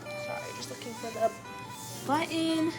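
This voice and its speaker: A young woman vlogs straight into her phone in a casual, chatty way, blunt and quick to swear. Her pitch sits in an ordinary middle range, and music plays loudly beneath her voice. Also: steady tone. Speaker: travel vlogger. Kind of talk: casual vlog talk to camera. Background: background music.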